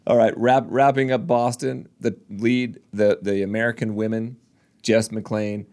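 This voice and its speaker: A man's voice: lowish voice, flat delivery, measured pace, a little mellow. A man co-hosting a casual running podcast, joking, teasing and laughing often. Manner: laughs often, jokes and teases. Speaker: podcast co-host. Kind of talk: casual chat.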